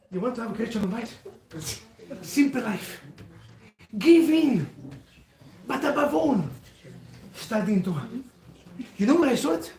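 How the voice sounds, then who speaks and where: Man, high voice, livestream sermon, preachy and repetitive, echoey room, mic set back. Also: vocal fry, far from the mic, a little hiss or hum. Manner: animated, preachy, repetitive, calls out to listeners. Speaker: religious speaker.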